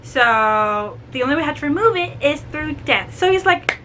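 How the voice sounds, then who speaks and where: High-pitched chatty woman doing a book review vlog, super animated, lots of like and you know. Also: normal speed, hardly any pauses, slight background noise, poor audio.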